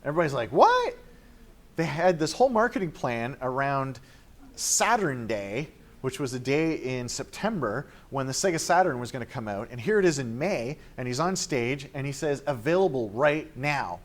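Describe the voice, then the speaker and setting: A man's voice: medium pitch, lively intonation, normal speed. A man giving a casual classroom lecture, chatty and full of fillers, acting out quoted reactions. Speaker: teacher.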